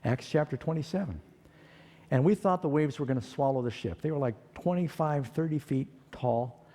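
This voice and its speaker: A man preaching, telling his own life story in an animated way and acting out the voices of people in it. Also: medium pitch, normal speed, long reverb tail. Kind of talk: storytelling sermon testimony.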